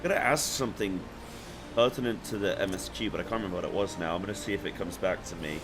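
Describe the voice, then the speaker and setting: A man's voice: low-pitched, quick pace, noisy background. Laid-back joking male streamer. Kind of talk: casual game-stream chat.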